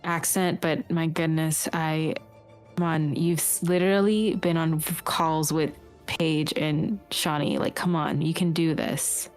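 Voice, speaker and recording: Low-voiced woman game master. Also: fairly even intonation, measured pace, soft background music. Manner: rambling, full of fillers. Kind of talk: narrating a tabletop game.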